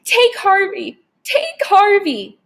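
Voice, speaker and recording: A woman's voice: very high voice, very animated, takes it slowly, pitched above the performer's own voice, full character voice. A woman voicing a terrified young boy who wails and pleads through sobs in a storybook reading. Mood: pleading.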